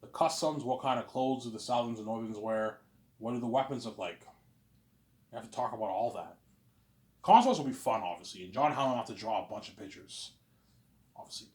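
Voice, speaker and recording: A man's voice: mid-range voice, fairly quick, pauses often, a little mellow. A man talking casually in a rambling monologue, often saying "obviously" and pleading with emphasis. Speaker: host. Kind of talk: casual monologue, imagined film planning.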